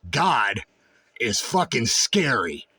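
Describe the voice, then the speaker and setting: Husky, intense man in a swearing monologue. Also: sing-song, slow. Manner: intense, swearing, swings from low brooding to shouting. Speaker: vlogger. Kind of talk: raw personal monologue.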